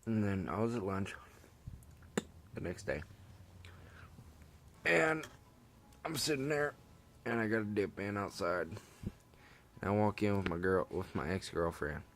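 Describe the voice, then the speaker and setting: A man's voice: fairly low pitch, expressive, measured pace, long pauses, a bit bright, slight background noise. A young man casually telling a personal story, rambling and swearing with lots of fillers. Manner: rambling, profane, laid-back with many fillers. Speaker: vlogger.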